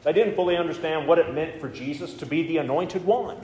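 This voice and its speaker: A man's voice: a little high, fairly quick, mellow. A male pastor preaching a sermon in a conversational way, with joking asides. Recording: echoey hall with faint noise.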